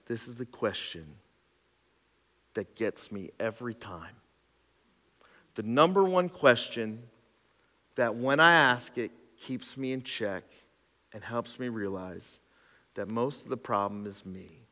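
Animated pastor preaching in a reverberant hall. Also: male voice, mid-range voice, slow pace, long pauses. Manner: animated storytelling, swings from loud exclaiming to quiet reflection. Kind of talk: sermon.

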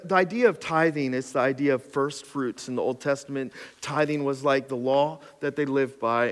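A man preaching a sermon as pastor, animated, building to near shouts on key points. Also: fairly high pitch, long reverb tail.

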